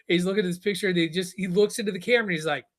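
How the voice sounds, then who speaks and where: A middle-aged man hosting a podcast, telling stories in casual, animated chat and rambling with restarts. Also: sits high, very fast. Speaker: podcast host.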